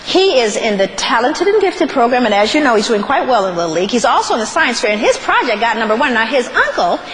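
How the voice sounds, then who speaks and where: A woman's voice: fairly high pitch, very animated, fast, a bit bright, long reverb tail, voice pushed down. A woman voicing a proud mother who gushes about her son's achievements. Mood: gushing. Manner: gushing, rattling on. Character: proud, gushing middle-aged mother. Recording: noisy live recording.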